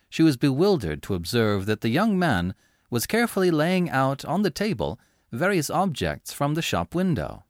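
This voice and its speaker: A man reading a classic story aloud as narrator, with measured, expressive storytelling. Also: mid-range voice, no room sound, clean studio sound. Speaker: audiobook reader. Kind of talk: scripted narration.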